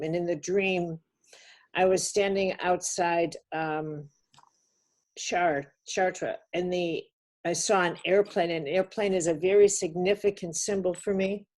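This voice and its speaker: A woman telling a personal story on a webinar, earnest and halting, often restarting her sentences. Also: lowish voice, a little mellow. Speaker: webinar speaker.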